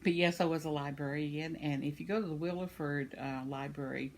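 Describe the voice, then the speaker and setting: With a deep voice, fairly even intonation and a brisk pace, an older woman vlogger reads her viewers' comments and laughs often. It's a casual chat recorded indoors at home, with a faint hiss or hum.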